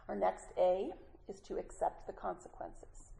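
A woman teaching a women's Bible study, chatty and warm with the group, laughing between points and often correcting herself mid-sentence. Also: mid-range voice, steady tone, a little slow, gravelly, a little hiss or hum, poor audio.

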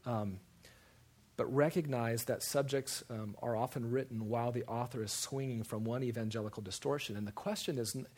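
A man preaching a sermon in an animated way, with repeated emphasis and acted-out quoted voices. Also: medium pitch, normal speed, breathy edge. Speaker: preacher or teacher.

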